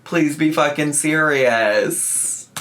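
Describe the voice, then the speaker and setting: A man's voice: on the high side, drawn-out words, a bit bright. A man hosting a reaction video, giving mocking, exasperated commentary with plenty of swearing. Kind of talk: sarcastic commentary.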